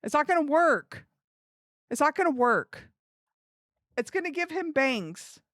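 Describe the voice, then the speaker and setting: A woman's voice: sits high, sing-song, a little slow, a bit bright, no echo, clean studio sound. A young woman streaming live, chatting casually to her viewers and giggling as she works things out. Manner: giggly, chatty, talks to herself while working. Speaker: livestream streamer.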